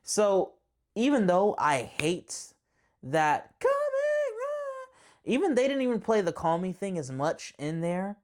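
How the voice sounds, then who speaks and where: A man giving a casual spoken movie review, excitable and rambling, with frequent restarts and slangy asides. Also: high-pitched, takes it slowly.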